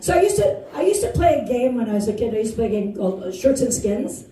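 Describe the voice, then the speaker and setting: Quick and fairly high, with big swings in pitch and a dark tone, this sixty-something woman from Wisconsin works a bar comedy stage, poking fun at herself and laughing mid-line. Distant, roomy bar acoustics carry the crowd's laughter.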